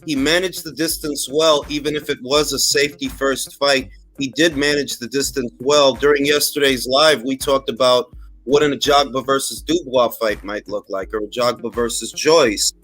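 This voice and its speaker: A man's voice: mid-range voice, steady tone, normal speed, a bit bright, soft background music. A man hosting a casual boxing talk livestream, speaking conversationally, repeating phrases and tossing slangy asides to his chat. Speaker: boxing talk show host.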